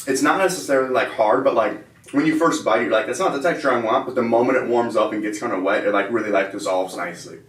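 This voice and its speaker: A man co-hosting a casual protein bar taste test, reading out labels in a relaxed way. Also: on the low side, quick pace. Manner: relaxed, reads out nutrition labels. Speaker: co-host reviewing protein bars. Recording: roomy, mic at a distance, faint ambience.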